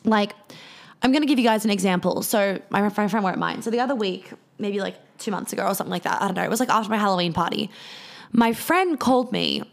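In a casual monologue to her viewers, a woman tells stories candidly and swears often. Her voice is gravelly and medium-pitched, and she talks quickly.

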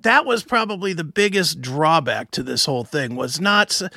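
A man co-hosting a show, telling a story in casual chat, animated and swearing, acting out other voices. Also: on the high side, moderate pace, gravelly, no echo, clean studio sound. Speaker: podcast co-host.

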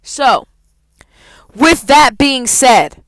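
A woman's voice: high-pitched, animated, very slow, a bit bright, no echo. Young woman ranting, profane and exasperated. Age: young adult. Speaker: college student. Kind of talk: casual ranting vlog.

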